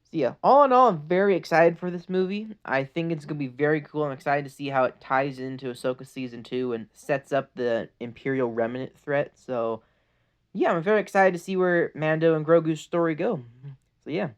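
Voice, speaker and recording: A vlogger breaking down a movie trailer in casual, excited fan talk, with lots of "like" fillers. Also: mid-range voice, brisk, clean tone. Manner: excited, chatty, with frequent "like" fillers. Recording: dull lo-fi audio.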